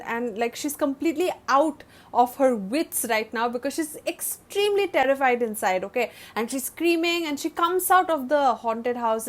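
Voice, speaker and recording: A woman with an Indian English accent teaching a literature lesson in a chatty, repetitive way with many fillers. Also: sits high. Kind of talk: explaining a lesson.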